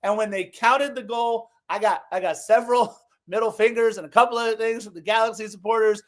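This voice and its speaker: A man co-hosting a casual sports podcast, telling stories in an animated, emphatic way. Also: high-pitched, fairly quick. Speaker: podcast co-host.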